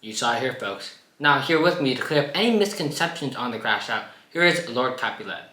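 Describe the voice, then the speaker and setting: A man's voice: medium pitch, animated, brisk, sharp tone, reverberant. A teenage boy in a school video playing a pompous TV news anchor who barks orders and announces with showy flair. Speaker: student.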